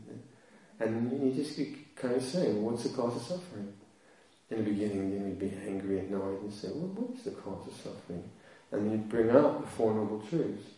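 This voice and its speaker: Heard from far off in an echoey hall, a monk with a warm, low-leaning voice tells a funny story at his own expense as part of a dharma talk. Laughter comes often throughout the anecdote.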